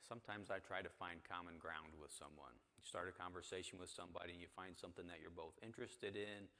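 A man's voice: sits low, fairly even intonation, fast, pushed and bright, big-room sound. A man leading an interactive Bible class, talking conversationally and asking the group questions. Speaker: church teacher. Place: church hall with a group.

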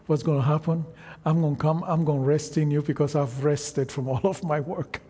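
A man delivers a sermon at a deliberate, unhurried pace, drawing out his phrases and pausing for the congregation to answer. His voice is a little higher than most men's, yet dark and husky in tone. The sound carries the long reverb of a large hall. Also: steady tone. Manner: slow, emphatic preaching with frequent call-and-response. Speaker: preacher.

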